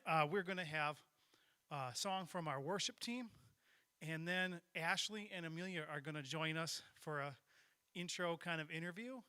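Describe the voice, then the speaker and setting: A man hosting a youth group gathering in a casual welcome address, excited and upbeat, a little out of breath. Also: a little high, smooth.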